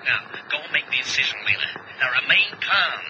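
An actor playing a steady man who gives urgent, measured orders, in old radio drama style. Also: mid-range voice, natural voice. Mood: commanding. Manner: firm, commanding, measured. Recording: dull old recording with loud hiss.

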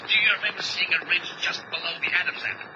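An actor playing a steady man who gives urgent, measured orders, in old radio drama style. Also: sits high, lightly acted. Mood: commanding. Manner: firm, commanding, measured. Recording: dull old recording with loud hiss.

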